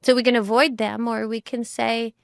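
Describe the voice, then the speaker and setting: Thoughtful woman guest, slightly high voice. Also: level tone, normal speed, creaky, no room sound, studio quality. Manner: thoughtful, frequent "you know" and "like" fillers. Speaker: mother. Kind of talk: reflective conversation.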